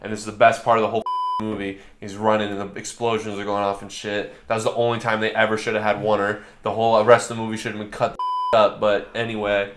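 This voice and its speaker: A man's voice: on the low side, level tone, quick pace. A young man co-hosting a casual film review chat, talking loosely and swearing casually. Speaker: co-host. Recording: echoey room.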